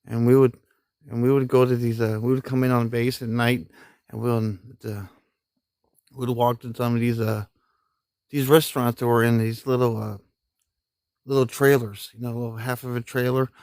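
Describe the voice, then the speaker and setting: A middle-aged man tells rambling army stories on a live stream, full of cussing and laughter. His voice is gravelly and sits at an ordinary pitch. The sound is dry and close. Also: a little mellow, no echo. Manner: rambling, profane, laughs often, folksy grammar. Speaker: army veteran telling war stories. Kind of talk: casual storytelling on a live stream.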